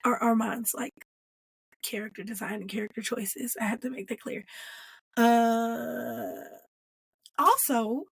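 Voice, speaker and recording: A woman hosting her own show, recapping a TV episode in a casual, animated and emphatic way. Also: on the high side, slow, creaky, long pauses, slightly rough, dry recording. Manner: animated and emphatic, acting out characters' lines and calling them "girl". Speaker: host reviewing a TV episode.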